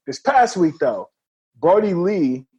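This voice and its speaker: Husky man, animated wrestling podcast chat. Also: sits high, slow. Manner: animated storyteller, acts out quotes, laughs often. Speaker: podcast co-host.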